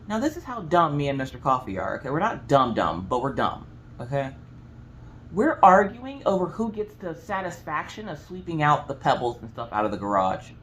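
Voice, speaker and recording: A woman from the American South with a Southern accent, telling a story in a chatty, animated way, full of asides. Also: a bass voice, a little hiss or hum, poor audio. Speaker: craft vlogger. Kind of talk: casual storytelling chat.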